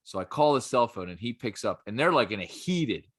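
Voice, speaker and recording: A man's voice: medium pitch, sing-song, a little fast, a bit bright, breathy edge. A man co-hosting a podcast in casual chat, rambling and peppering his talk with "like". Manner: rambling, full of "like" and restarts. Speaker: podcast co-host.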